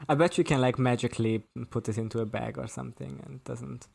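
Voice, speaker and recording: A man chatting casually as a podcast co-host, relaxed and quick to agree and laugh along. His speech sometimes speeds up when he gets excited. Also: medium pitch, vocal fry. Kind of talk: casual chat.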